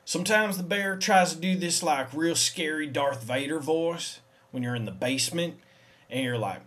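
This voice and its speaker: A man telling a rambling comic monologue in a deadpan way, acting out both sides with sudden shouts. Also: a little high, moderate pace. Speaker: comedic monologue performer.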